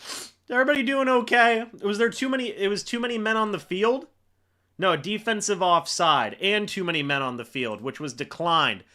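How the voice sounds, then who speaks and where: A man hosting a live football reaction stream for his chat, excitable and swinging between loud disbelief and deflated muttering. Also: sits high, normal speed. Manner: talks to chat. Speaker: fan livestream host. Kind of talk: live game reaction commentary.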